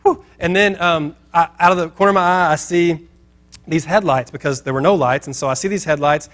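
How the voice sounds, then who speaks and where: A male pastor telling a story in a sermon, animated and acting out the people in it. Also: a little high, fairly quick.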